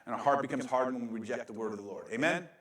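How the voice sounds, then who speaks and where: A man's voice: mid-range voice, racing, fairly bright tone, distant mic. A male pastor preaching a sermon with a joking, self-mocking manner and frequent laughs, recorded in a church sanctuary. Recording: very echoey church room.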